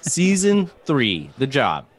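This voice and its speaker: A man's voice: medium pitch, wildly swooping pitch, takes it slowly. A man hosting a casual podcast, laughing often and reading out trivia questions. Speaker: podcast host.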